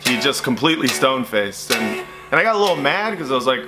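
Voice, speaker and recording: A man's voice: medium pitch, fast talker, music in the background. A man doing stand-up comedy, telling a story and acting out the voices in it. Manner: animated, acts out voices in his story.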